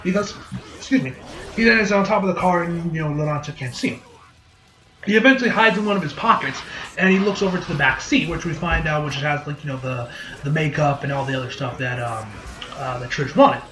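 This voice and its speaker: A man's voice: on the high side, fairly quick, echoey room, faint music behind. A man recapping and reviewing an anime episode in a casual, rambling, profane way, acting out lines in goofy voices. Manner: rambling, profane, acts out quotes in animated voices.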